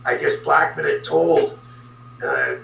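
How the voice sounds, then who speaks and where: A man's voice: on the high side, wildly swooping pitch, takes it slowly, vocal fry, a bit bright, reverberant, far from the mic, rough recording. A man guest animatedly telling an anecdote in a podcast interview, adding sound effects.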